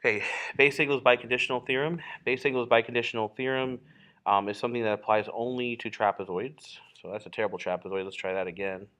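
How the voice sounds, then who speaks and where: A man's voice: medium pitch, steady tone, quick pace, a bit bright. A man teaching a geometry lesson while drawing, in a casual, explanatory way with frequent fillers and self-corrections. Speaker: math teacher.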